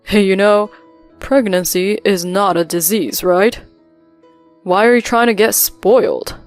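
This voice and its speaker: Woman doing a cold husband, short and dismissive, slow, music faint underneath. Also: medium pitch. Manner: curt, dismissive.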